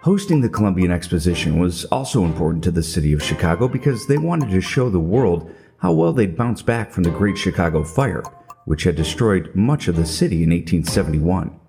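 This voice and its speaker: A man's voice: low-pitched, animated, brisk, warm tone, faint music behind. A middle-aged man telling a scripted comedic story in a wry, self-mocking way. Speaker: podcast narrator.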